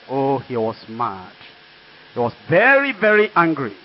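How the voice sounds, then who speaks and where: A man's voice: mid-range voice, wildly swooping pitch, a little slow, slight background noise. An older man with a Nigerian accent, preaching and telling a testimony in an earnest, emphatic storytelling way. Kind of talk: sermon testimony. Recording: dull lo-fi recording.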